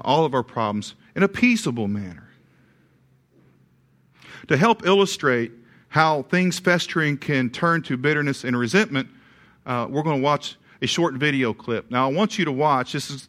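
Bright-voiced preacher telling stories. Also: male voice, mid-range voice. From eastern Kentucky. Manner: folksy storyteller, animated, with repeated words and restarts. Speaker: pastor. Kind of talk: sermon with a humorous story.

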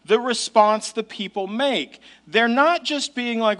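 A male pastor delivers a sermon in a conversational tone. His voice sits high, and he stresses key points with casual asides. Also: expressive, a little slow, fairly bright tone.

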